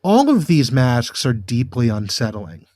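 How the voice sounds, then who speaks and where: Animated man, dry close mic. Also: mid-range voice, unhurried, no echo. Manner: animated, exasperated rants. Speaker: podcast co-host. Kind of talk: casual podcast chat.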